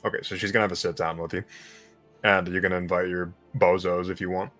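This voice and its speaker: A man's voice: deep voice, flat delivery, fast, fairly bright tone, faint music behind. A man running a live-streamed tabletop game as game master, casual and joking and swearing freely.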